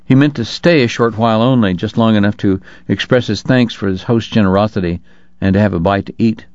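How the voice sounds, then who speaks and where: A man reading an audiobook in a measured, even way. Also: on the low side, no echo. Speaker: narrator. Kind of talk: audiobook narration. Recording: dull lo-fi dry recording.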